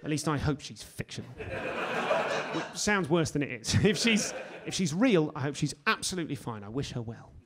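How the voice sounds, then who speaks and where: A British man in his forties performing a stand-up comedy set, telling stories with sudden loud outbursts. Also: a little high, sing-song, moderate pace. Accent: British English. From England. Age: 40s. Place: comedy stage before a live audience.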